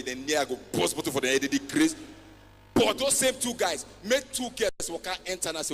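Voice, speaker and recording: A man with a Nigerian accent doing a stand-up comedy routine on a big festival stage, switching between Pidgin and English with loud acted outbursts. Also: on the high side, animated, a little fast. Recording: long hall reverb, faint music.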